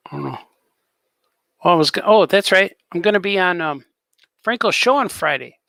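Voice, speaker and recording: A man's voice: high voice, animated, normal speed, creaky, bright, forceful tone, no echo. A man hosting a casual live stream as a cartoonist, rambling in an easygoing way and chatting with viewers.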